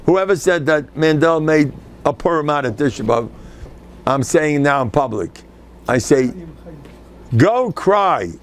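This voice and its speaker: An older man giving an informal, animated Torah class as a rabbi, sprinkling Yiddish and Hebrew phrases. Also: on the high side, slight background noise.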